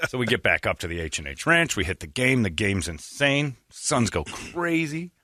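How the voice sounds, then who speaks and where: A male radio host spins a long, joking story in a blunt, offhand way. His voice sits a little low but has a forceful, bright edge. The studio mic sounds close and dry. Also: sing-song, normal speed, no room sound. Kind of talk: casual talk-radio storytelling.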